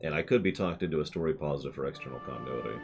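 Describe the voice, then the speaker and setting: A man's voice: extremely low pitch, expressive, very fast. A man streaming a video game, giving casual commentary with wry, joking asides. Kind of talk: casual let's-play commentary. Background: game music.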